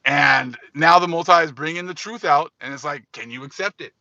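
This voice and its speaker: A man's voice: a little high, a little fast, gravelly, sharp tone, no echo, dull audio. A man hosting religious commentary, speaking emphatically and repeating his points. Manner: emphatic, repetitive. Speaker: host.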